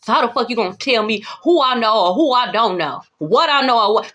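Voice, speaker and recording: A woman giving a spiritual tarot reading to her viewers, blunt and profane, swinging between calm reassurance and heated calling-out. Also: fairly high pitch, brisk. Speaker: tarot reader. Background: background music.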